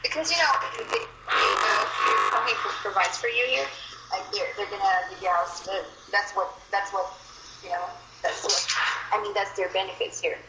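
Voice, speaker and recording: A woman's voice: mid-range voice, moderate pace, heavy background noise. A young woman from Manila with a Filipino accent, chatting in a loose way with many fillers. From Philippines, Manila. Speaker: conversation partner. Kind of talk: casual chat. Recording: roomy echo.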